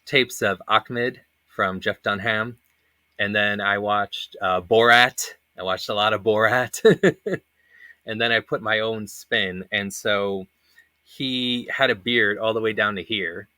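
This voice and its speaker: This thirty-something panel host speaks slowly in a lowish, fairly even voice with a bright, forceful tone and no echo. He tells rambling stories full of fillers in a casual chat, breaking into laughter frequently.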